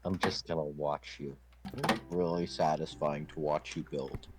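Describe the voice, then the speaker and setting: A man in a casual gaming chat, speaking with dry, deadpan quips. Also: very deep voice, measured pace, loud music behind the voice, poor audio. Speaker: friend on game server.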